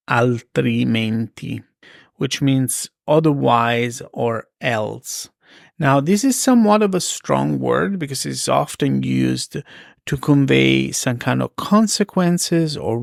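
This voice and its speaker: A man with an Italian accent teaching a grammar lesson, repeating his example phrases slowly and carefully. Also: mid-range voice, vocal fry, no room sound, studio quality. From Italy.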